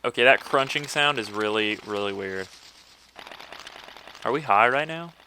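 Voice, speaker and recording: A man's voice: medium pitch, unhurried, pauses often, sharp tone, slight background noise. A young man giving casual, crude, joking commentary while playing a video game. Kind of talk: let's play commentary.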